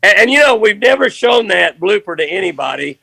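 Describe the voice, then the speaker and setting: An older man with a drawl tells a fishing tale with a bright, gravelly edge to his slightly high voice. He rambles along with folksy energy, and the sound is dry and close. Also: brisk, no echo. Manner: rambling, animated anecdote telling. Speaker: fishing guest. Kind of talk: folksy storytelling.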